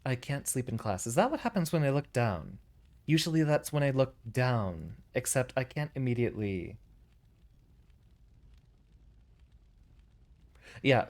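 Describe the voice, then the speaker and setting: A man voicing a timid, nervous young creature hero. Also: mid-range voice. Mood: anxious. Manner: nervous, hesitant, self-doubting. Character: timid young male creature hero, cowardly but hopeful.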